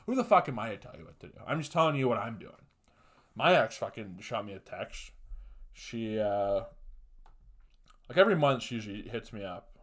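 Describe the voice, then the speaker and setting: A man hosting his own podcast, talking casually in a long solo monologue that swears freely and breaks into loud, emphatic rants. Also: fairly low pitch, expressive, normal speed, pauses often. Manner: profane, ranting, with loud emphatic bursts. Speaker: podcast host.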